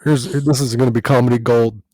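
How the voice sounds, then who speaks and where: A man's voice: mid-range voice, steady tone, fast, a little mellow, no echo. A man who hosts a podcast and does comedy, chatting casually, swearing freely and laughing often. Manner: profane, laughs often, tells stories animatedly. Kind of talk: casual chat.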